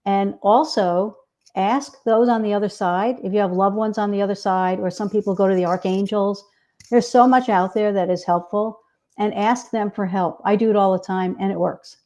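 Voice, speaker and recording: A woman's voice: medium pitch, fairly even intonation, normal speed, mellow. Earnest New York-accented woman guest. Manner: earnest, spiritual, gushing with praise. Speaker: guest author. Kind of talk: casual interview chat.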